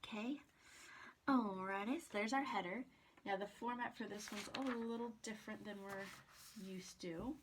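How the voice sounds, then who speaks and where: A woman's voice: medium pitch, moderate pace, a little hiss or hum. A woman professor giving a recorded accounting lecture in a chatty way, asking rhetorical questions and muttering to herself while she writes.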